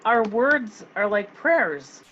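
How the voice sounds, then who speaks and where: A woman taking part in a casual spiritual chat, speaking in a slow, deliberate way and drawing out her words. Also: mid-range voice, big pitch swings, bright, forceful tone, dull audio, a little hiss or hum.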